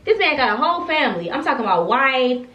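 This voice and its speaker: A young woman in her twenties, a soldier, telling a casual story time with animated, expressive and profane delivery. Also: high-pitched, quick pace, background noise. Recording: echoey, distant, dull room recording.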